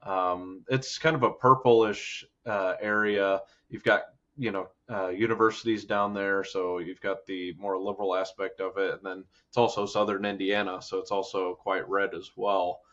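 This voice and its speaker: A man from the United States speaking as a guest in an interview, earnest and measured with many fillers. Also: deep voice, fairly even intonation, a bit bright, dull audio. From USA. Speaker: guest, think tank cofounder. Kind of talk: casual interview talk.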